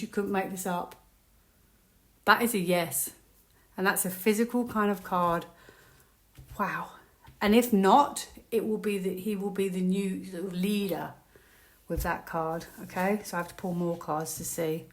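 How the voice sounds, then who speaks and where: A woman's voice: fairly low pitch, normal speed. Chatty woman tarot reader, echoey room. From United Kingdom. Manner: chatty, excitable, conspiratorial. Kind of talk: casual tarot reading to camera.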